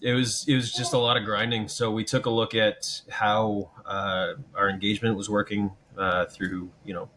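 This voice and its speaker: A man from Canada, a band member, answering interview questions in a steady, thoughtful way with many "you know" fillers. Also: on the low side, normal speed, hardly any pauses, a little hiss or hum.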